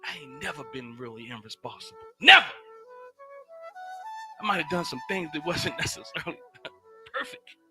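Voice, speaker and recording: A man giving an impassioned sermon-style talk in a casual, preacherly way, swinging from loud shouts down to low murmurs and repeating phrases. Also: animated, moderate pace, pauses often, faint music behind. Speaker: speaker giving a teaching.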